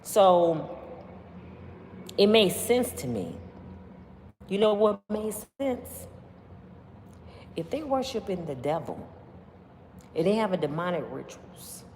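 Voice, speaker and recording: A woman's voice: sits low, a little mellow, big-room sound, slight background noise. A woman giving opinionated commentary on celebrity news, emphatic and preachy, with constant rhetorical questions to her viewers. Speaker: commentary vlogger.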